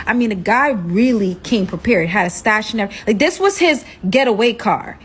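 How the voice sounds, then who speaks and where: A woman's voice: medium pitch, normal speed, hardly any pauses. Woman storyteller, mid-range voice, dramatic and chatty, faint noise behind. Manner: animated, dramatic retelling with rhetorical asides. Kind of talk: casual storytime.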